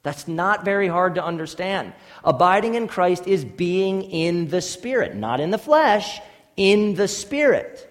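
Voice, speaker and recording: A man's voice: high voice, lively intonation, unhurried, in a large hall. A man preaching a sermon as pastor, emphatic, with repeated phrases and rhetorical questions.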